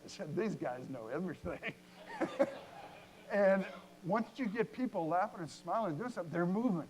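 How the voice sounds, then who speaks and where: Brief: male speaker, co-founder at a lectern, lively anecdotes, slightly high voice, faint hum behind. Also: low-quality recording. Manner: animated, jokey storytelling with laughs. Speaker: company co-founder giving a talk. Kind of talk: storytelling talk to an audience. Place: lecture hall at a university event.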